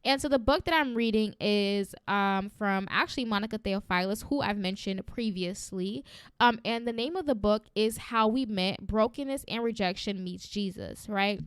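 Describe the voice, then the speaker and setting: A woman hosting a faith podcast, talking in an energetic, encouraging and conversational way and often checking in with "right?". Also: medium pitch, normal speed, smooth, no room sound, clean studio sound. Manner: encouraging and preacherly. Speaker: podcast host.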